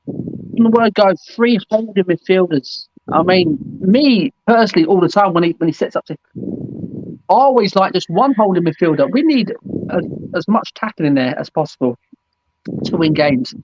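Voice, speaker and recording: A man's voice: high-pitched, expressive, moderate pace, a little hiss or hum. A man hosting a fan call-in show, chatting casually and saying "mate" and "absolutely" a lot. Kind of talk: casual football chat. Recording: dull dry lo-fi sound.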